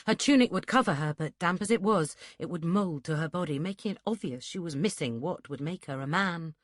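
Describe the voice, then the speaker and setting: A woman narrating a historical romance audiobook in a steady, measured storytelling manner. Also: fairly low pitch, no echo, studio quality. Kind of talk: scripted narration.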